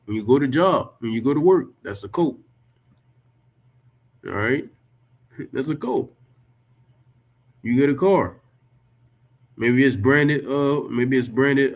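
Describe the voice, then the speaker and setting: A man rebutting a text he reads aloud, talking emphatically, swearing freely and firing off rhetorical questions. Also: medium pitch. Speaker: religious commentator. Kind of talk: reacting to and rebutting a written text.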